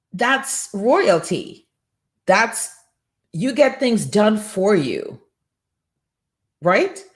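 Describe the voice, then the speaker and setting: Lowish-voiced woman preaching with emphatic questions. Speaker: morning show host. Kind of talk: faith-based motivational talk, reading chat comments.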